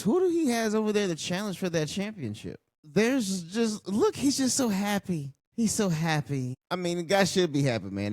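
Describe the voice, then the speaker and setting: A man's voice: medium pitch, a little mellow, no echo, studio quality. A man reviewing a wrestling show late at night, tired, blunt and profane in his mocking running commentary. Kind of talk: casual ranting commentary over a live show.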